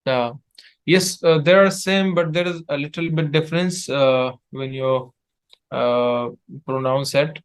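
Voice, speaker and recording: A man teaching letters in an online lesson, patiently repeating sounds in halting English. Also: on the high side, smooth. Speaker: Arabic tutor. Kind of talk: one-on-one online language lesson.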